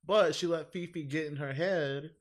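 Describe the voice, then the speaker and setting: A man with a somewhat high voice talks in loose, rambling podcast chat. He swears freely and slips into shrill, exaggerated impressions of other people. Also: normal speed. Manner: rambling, profane, laughs loudly. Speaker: podcast co-host. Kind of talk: casual chat.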